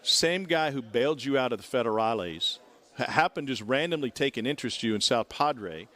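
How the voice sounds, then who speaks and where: A man's voice: medium pitch, fairly quick. A man in his forties from Missouri, telling a long story on talk radio and acting out the people in it. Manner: acts out the people in his story with lively voices. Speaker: guest storyteller. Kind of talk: animated anecdote on talk radio.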